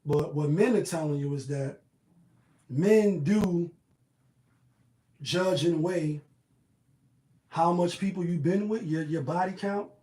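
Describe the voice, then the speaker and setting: A man riffs on the day's news in loose, slangy commentary, animated and quick with his asides. His voice sits fairly high for a man. The sound is roomy, with a noticeable echo off the walls of the space he is recording in. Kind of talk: casual commentary vlog.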